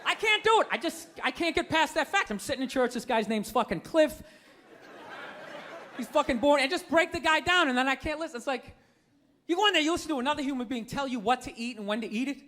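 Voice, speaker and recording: A man's voice: very high-pitched, expressive, fast, pushed and bright, a little hiss or hum. A man doing a stand-up comedy routine on stage, ranting in an exasperated, profane way. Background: audience laughter.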